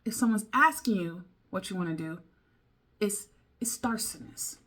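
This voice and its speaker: A woman's voice: medium pitch, normal speed, fairly bright tone, husky. A woman vlogging her language study, thinking aloud, repeating foreign phrases and drifting into chatty asides with little laughs. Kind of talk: casual study vlog.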